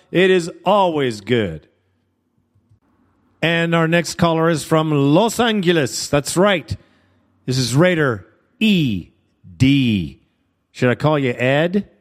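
A man hosts a fan call-in radio show, cheering on callers and urging them to stay positive. His voice sits a bit high, and he talks with an easy, brotherly manner. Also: sing-song, slow, pauses often. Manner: upbeat, addresses callers as brother. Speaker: radio host. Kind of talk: sports talk radio.

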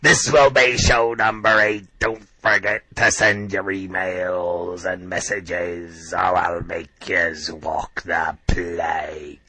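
A man shouting a theatrical podcast intro. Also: low-pitched, level tone, slow pace, hardly any pauses, no echo, poor audio. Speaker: podcast host.

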